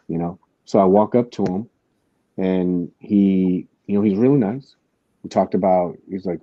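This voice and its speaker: A man's voice: low voice, a little fast, husky, no room sound, dull audio. A man hosting a podcast, telling a story in casual chat, with lots of restarts and asides. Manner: rambling storytelling with many restarts. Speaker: podcast host.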